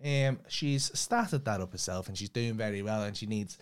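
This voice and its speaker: A young man with a Scouse accent co-hosting a casual podcast chat, swearing freely and shouting out local businesses. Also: on the low side, normal speed, smooth. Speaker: podcast co-host.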